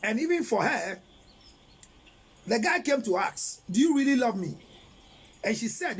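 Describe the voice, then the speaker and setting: A man's voice: very high voice, very animated, a little slow, long pauses, husky. A middle-aged man with a Ghanaian English accent, giving relationship advice on a live stream in an emphatic, lecturing way with rhetorical questions. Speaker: relationship counselor. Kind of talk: live-stream advice talk, reading viewer messages.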